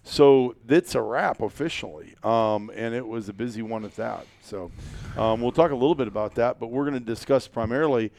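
A man's voice: mid-range voice, a little fast, vocal fry, darkish tone, no echo. A middle-aged man hosting a casual podcast chat, rambling and joking with many fillers and restarts. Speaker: podcast host.

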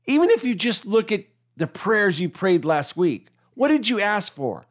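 A preacher delivering a sermon, animated, asking listeners to repeat key lines back. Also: mid-range voice, normal speed.

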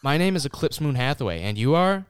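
A man's voice: a little high, very animated, fast talker, clear, resonant tone, no echo, studio quality. A young man co-hosting a podcast, chatting casually, laughing often and mock-reading a story in a sarcastic voice. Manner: laughs often, reads lines in a sarcastic put-on voice. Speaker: podcast co-host.

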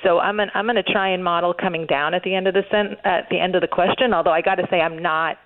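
A woman's voice: lowish voice, fairly even intonation, fast talker. A woman being interviewed, talking earnestly with many fillers and restarts. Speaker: interview guest, author. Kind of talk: radio interview, conversational. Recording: phone-line interview audio.

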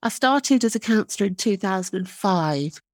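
A woman's voice: mid-range voice, lively intonation, moderate pace, no echo. Conversational woman host, dry sound. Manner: hedging, conversational, "I mean". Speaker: podcast host, counselor. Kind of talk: casual podcast interview.

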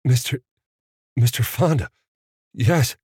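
Casting: a man playing a stammering, starstruck young fan, pitched up, dry sound. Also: takes it slowly, darkish tone, slightly rough, dry recording. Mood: flustered. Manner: stammering, breathless.

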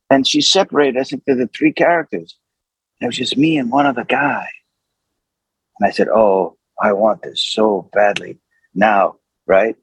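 A man, an actor, telling an anecdote in an animated, conversational way with lots of fillers. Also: mid-range voice, husky, no room sound, low-quality recording. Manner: animated, with many fillers and acted quotes.

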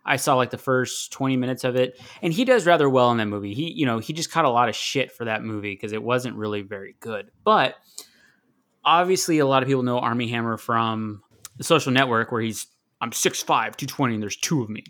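A man's voice: mid-range voice, brisk, fairly bright tone. A man co-hosting a casual movie podcast, giving strong opinions in a rambling, self-correcting way. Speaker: podcast co-host. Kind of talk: casual movie-discussion chat.

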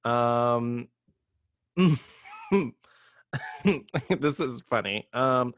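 A man's voice: mid-range voice, steady tone, drawn-out words, fairly bright tone, clean tone, dry recording, studio quality. A man co-hosting a casual podcast chat, campy and playful, calling listeners honey. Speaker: podcast co-host.

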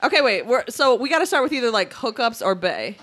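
A woman's voice: on the high side, sing-song, quick pace, a bit bright. A young woman co-hosting a podcast in casual chat, candid and blunt, often laughing. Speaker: podcast co-host.

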